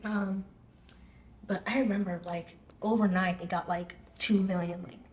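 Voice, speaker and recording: A young woman, a singer, talking casually in an interview, full of "like" and lively quoted reactions. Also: medium pitch, measured pace. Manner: chatty, fillers of "like", animated quoting of others. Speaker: singer guest. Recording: roomy echo.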